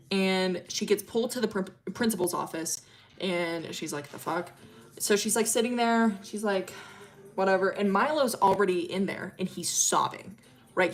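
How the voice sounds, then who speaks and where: Rambling, swearing young woman storyteller. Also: mid-range voice. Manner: rambling, cursing, filler-heavy. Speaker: streamer. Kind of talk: casual storytelling.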